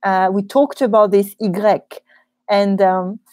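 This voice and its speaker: A French teacher with a French accent, chatting in a live question-and-answer session from a small office studio room, laughing easily between frequent ums. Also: female voice, medium pitch, level tone, slow, darkish tone, dry recording. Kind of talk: live Q&A chat.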